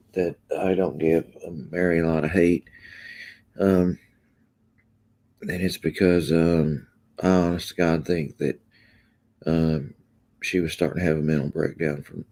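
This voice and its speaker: A man chats easily with viewers on a livestream, in a deep, dark voice. He drawls and pauses often, taking comments at an unhurried pace. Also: steady tone. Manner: laid-back, drawling, trailing off with ums. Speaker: livestream host. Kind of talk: casual livestream chat reading comments.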